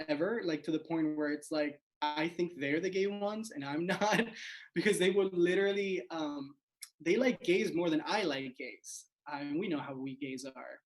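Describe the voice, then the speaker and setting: A man's voice: a little high, rough recording. Chatty man telling a stand-up story. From South Florida. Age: late 20s. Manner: chatty, peppered with "like", self-mocking. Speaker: host and stand-up comedian.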